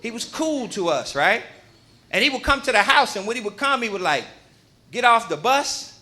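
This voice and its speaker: A male stand-up comedian doing a live set in a comedy club, telling stories in an animated, punchy way on a handheld mic. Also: very high voice, moderate pace.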